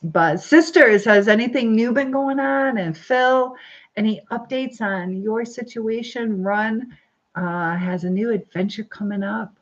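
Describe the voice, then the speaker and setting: This livestream host has a voice on the high side and speaks a little slowly, captured on a phone or webcam with muffled sound. Upbeat and chatty, she reads viewer comments aloud, laughing a lot and using many fillers.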